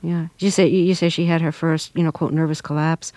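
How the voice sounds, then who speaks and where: A woman hosting a broadcast interview, asking questions in a halting way with stumbles and ums. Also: sits low, level tone, mellow, no echo. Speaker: interview host.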